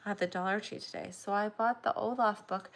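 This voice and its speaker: A sleepy woman hosts a relaxed crochet livestream, her talk rambling and unhurried. She yawns as she chats and reads viewer comments aloud, with a middle-pitched voice. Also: creaky. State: tired and yawning. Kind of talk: casual livestream chat.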